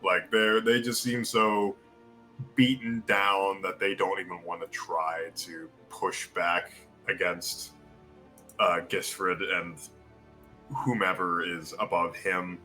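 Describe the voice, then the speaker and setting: A man's voice: low voice, flat delivery, takes it slowly, pushed and bright, faint music behind. A man running a tabletop game as game master, narrating loosely with many fillers and restarts. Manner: rambling, filler-heavy narration with voiced townsfolk.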